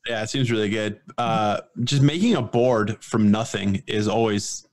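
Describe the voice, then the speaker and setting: A man's voice: on the low side, measured pace. A man appearing as a guest streamer on a podcast, chatting casually and enthusiastically, laughing through his stories. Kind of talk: casual chat.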